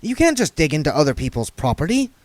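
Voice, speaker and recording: A man voices an earnest young reporter in a storybook, skeptical and pointed, with a lively lift in pitch. The recording is dry and close. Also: fast talker, no echo. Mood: firm.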